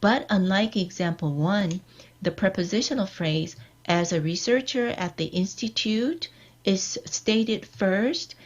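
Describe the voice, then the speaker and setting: A woman giving a scripted online lecture, reading out example sentences in a measured, deliberate way. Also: fairly low pitch. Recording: dull lo-fi recording.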